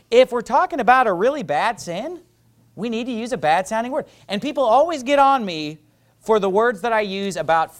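A male pastor preaching a sermon in an emphatic, mocking style that builds to rising fervor. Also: sits high.

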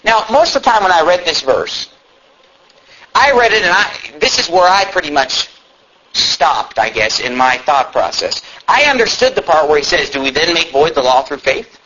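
Animated bright-voiced man preaching. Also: sits high, moderate pace. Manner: animated preaching, reads scripture aloud with rising emphasis. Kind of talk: sermon. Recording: dull lo-fi sound.

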